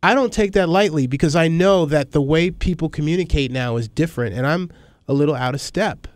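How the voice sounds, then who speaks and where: A middle-aged man talking candidly as a guest in an interview, rambling and animated as he tells stories. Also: a little high, brisk, no echo. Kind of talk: conversational interview.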